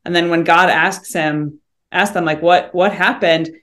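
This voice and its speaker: Chatty podcast host, mid pitch. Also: fairly even intonation, measured pace, a bit bright. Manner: chatty, lots of "like" and short agreeing murmurs. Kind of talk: casual chat.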